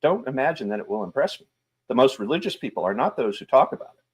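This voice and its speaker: A man's voice: medium pitch, sing-song, a little fast, slightly rough, pitched above the performer's own voice. A man voicing a pompous middle-aged male police magistrate who blusters, turns irritable and talks down to the accused. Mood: stern.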